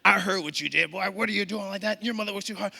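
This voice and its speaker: A man voicing watchful neighborhood mothers who reproach a boy, pitched above his own voice, in a live stage reading. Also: sing-song, normal speed, pushed and bright, long reverb tail, a little hiss or hum, full character voice. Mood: reproachful. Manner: reproachful, fussing.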